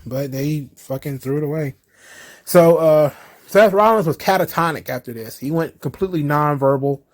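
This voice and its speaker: A man hosting a casual solo wrestling commentary show, ranting sarcastically and cursing often. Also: medium pitch.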